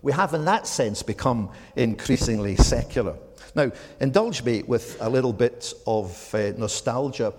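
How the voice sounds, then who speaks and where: A Scottish man in his seventies giving a measured, reflective talk to a church audience, with frequent ums. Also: medium pitch, a little mellow. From Scotland. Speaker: speaker at a church gathering. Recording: long hall reverb.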